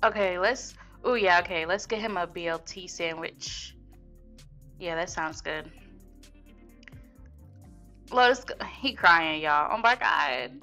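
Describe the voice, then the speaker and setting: A woman's voice: lowish voice, slow, long pauses, sharp tone, soft background music. A young woman giving casual, chatty gameplay commentary, talking straight to her viewers with lots of slang. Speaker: gaming video host.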